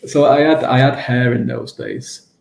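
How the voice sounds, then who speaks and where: Gravelly man hosting a chat show. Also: medium pitch, steady tone, unhurried, reverberant, rough recording. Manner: laughs often, many restarts and ums. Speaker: talk show host. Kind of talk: casual chat.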